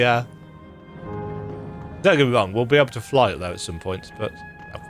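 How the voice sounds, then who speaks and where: A man's voice: medium pitch, expressive, moderate pace, long pauses, soft background music. A man casually commenting on a game he is playing, reading dialogue aloud in a playful, jokey way. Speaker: gaming video creator.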